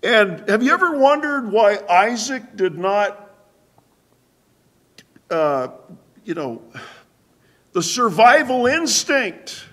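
Slow, halting pastor teaching Bible study. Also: male voice, high voice, animated, a bit bright. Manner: halting, many fillers and restarts; asks the congregation questions. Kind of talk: sermon-style Bible study. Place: church.

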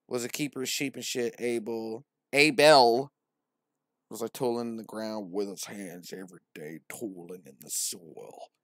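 A man doing a comedic scripture retelling in a profane, slangy, wry way, full of hesitant restarts. He talks slowly at a middling pitch, and his voice is recorded close and dry. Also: no echo.

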